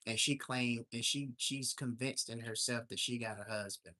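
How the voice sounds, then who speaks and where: A man's voice: medium pitch, steady tone, a little slow, bright, forceful tone. A man hosting a casual livestream, telling a story in an indignant, ranting way. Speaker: livestream host. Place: home in Alaska.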